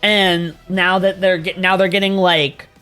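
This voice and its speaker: A man's voice: sits high, little pitch movement, a little slow, pushed and bright, clear, resonant tone, soft background music. A man streaming and chatting casually with viewers, rambling, swearing freely and laughing often.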